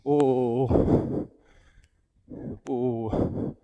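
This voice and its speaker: A man's voice: mid-range voice, steady tone, drawn-out words, highs cut off. A middle-aged man with an Irish accent gives live demonstration commentary as an event rider, chatting aloud in a self-deprecating way while he rides. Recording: long hall reverb from an arena.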